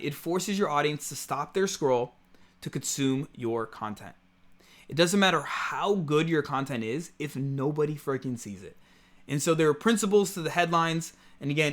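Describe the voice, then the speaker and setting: A man with a somewhat high-pitched voice coaches his viewers on content marketing. He talks straight to camera in a loose, conversational way, leaning on certain words for emphasis and dropping in fillers as he goes. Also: a bit bright. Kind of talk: casual teaching to camera.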